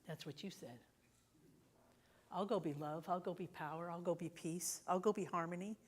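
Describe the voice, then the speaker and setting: A woman's voice: fairly low pitch, fairly even intonation, normal speed, breathy edge. Woman pastor giving a sermon, casual chatty delivery, keeps checking in with the congregation. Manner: conversational, often asks the congregation "right?". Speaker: minister. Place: church sanctuary.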